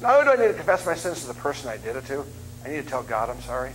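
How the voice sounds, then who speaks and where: A middle-aged guest preacher in a church sanctuary delivers a joking, animated sermon, acting out voices and even screaming. He talks very fast at medium pitch, and the rough recording carries slight background noise.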